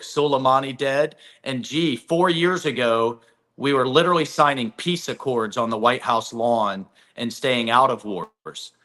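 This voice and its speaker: A man's voice: medium pitch, sharp tone. A congressman being interviewed remotely, making blunt, emphatic points. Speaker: congressman guest.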